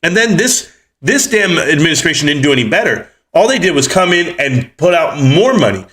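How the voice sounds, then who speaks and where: A man's voice: fairly high pitch, very animated, normal speed, fairly bright tone. A man in his forties ranting heatedly on his livestream about the economy and stocks, cussing as he goes. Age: 40s. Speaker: livestream host.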